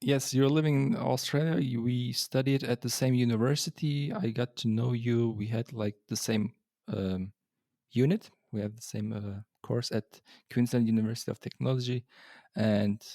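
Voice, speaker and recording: Chatty podcast host, dry close sound. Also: male voice, mid-range voice, dark tone, no room sound. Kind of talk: casual interview chat.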